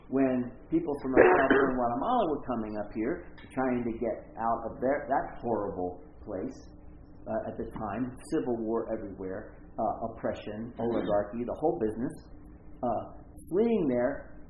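An older man speaks to a congregation in an easy, rambling way, checking in with his listeners as he goes. His voice sits in a middle pitch. It comes through a thin, phone-like line that echoes in the room. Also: a little hiss or hum. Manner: chatty, keeps checking in with "right?". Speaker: church speaker. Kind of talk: conversational talk to a congregation.

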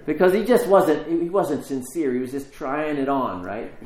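A man giving a sermon, telling a story with pauses and shifting emphasis. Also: a little high, animated, a little mellow. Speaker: preacher. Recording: roomy echo.

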